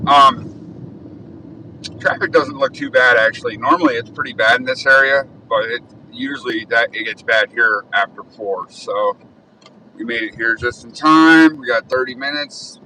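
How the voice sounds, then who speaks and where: A man's voice: medium pitch, sharp tone. Chatty man livestreaming from his car. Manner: chatty, reads viewer comments aloud. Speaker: livestream host. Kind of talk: casual livestream chat while driving. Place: in a car on city roads. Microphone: phone held in car. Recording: distant phone mic with road noise. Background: traffic noise.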